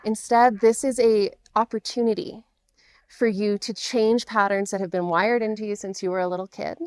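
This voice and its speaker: Middle-aged woman, divorce coach for men, earnest and reassuring, mid-pitched, dead-dry close mic. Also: steady tone, moderate pace, a little mellow, no room sound. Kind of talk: direct-to-camera coaching talk.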